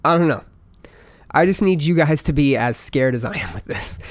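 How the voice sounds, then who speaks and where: A man's voice: a little high, lively intonation, a little fast, a little mellow, no echo. A man talking in a casual monologue to listeners, rambling with lots of fillers and frequent swearing. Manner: rambling, profane, full of fillers.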